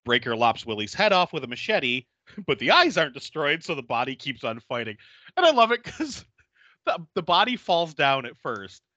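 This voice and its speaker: A man hosting a podcast, casually recapping a horror film with animated storytelling and frequent laughter. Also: a little high, moderate pace, no room sound, dull audio. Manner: animated storyteller, acting out quotes and laughing often. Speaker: podcast host. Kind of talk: casual movie recap chat.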